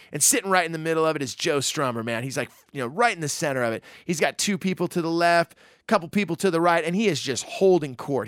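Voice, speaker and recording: A middle-aged man telling a loose, animated anecdote from his days in a band, full of "you know" and "like". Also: a little high, dry recording, studio quality. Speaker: musician telling a story. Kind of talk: casual anecdote storytelling.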